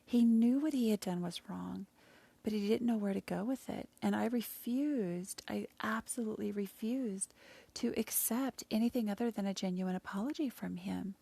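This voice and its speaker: A woman host telling a personal story in an emotional, halting way, sometimes dropping to a whisper. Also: medium pitch, gravelly, dark tone, breathy edge, no echo. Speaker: podcast host sharing her story.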